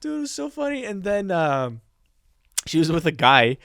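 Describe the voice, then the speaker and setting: Young man, comedy podcast co-host, animated storyteller, slightly high voice, dry sound. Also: moderate pace, vocal fry, smooth, no echo. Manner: animated storyteller, laughs often, acts out voices. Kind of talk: casual chat.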